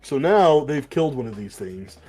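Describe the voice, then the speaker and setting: A man co-hosting a podcast, loosely recapping a comic book story with swearing and quick put-on voices. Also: mid-range voice, sing-song, a little mellow, faint music behind. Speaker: podcast co-host. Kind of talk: casual comic book chat.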